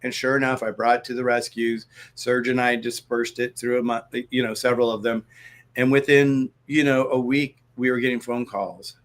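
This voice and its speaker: A man, a guest in a conversation, telling a story in an animated way and acting out the dialogue as he goes. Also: medium pitch, moderate pace.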